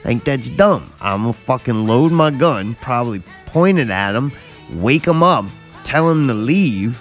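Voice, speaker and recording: A man's voice: mid-range voice, lively intonation, measured pace, faint music behind. A man co-hosting a casual chat, blunt, profane and drawling as he spins a story.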